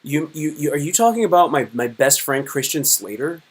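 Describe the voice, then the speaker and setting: A man in his thirties hosting a live stream, chatting casually and telling lively stories with many fillers. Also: on the high side, moderate pace, slightly rough. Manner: animated storyteller, many fillers. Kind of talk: casual chat.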